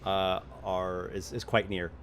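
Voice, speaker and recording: A man running a tabletop role-playing game as game master, describing scenes in halting narration full of fillers. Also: low voice, level tone, over a noisy crowd.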